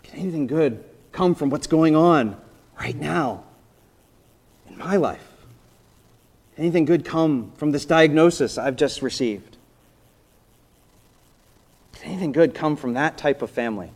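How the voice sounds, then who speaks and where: Conversational male preacher, fairly high voice. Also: expressive, unhurried, pauses often. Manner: conversational storytelling, voicing biblical characters, drops to soft emphasis. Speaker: pastor. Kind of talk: sermon.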